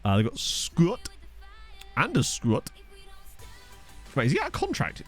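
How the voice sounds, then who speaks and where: A young man giving casual, joking commentary over a football management game, reacting with quick exclamations. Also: a little high, wildly swooping pitch, faint music behind. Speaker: gaming video host. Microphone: desk USB microphone.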